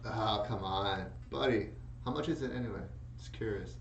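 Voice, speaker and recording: A man's voice: on the low side, normal speed, gravelly, roomy sound, far from the mic, dull audio, slight background noise. A man playing a tabletop game, talking in nervous, pleading asides. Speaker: player. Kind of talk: casual tabletop game play.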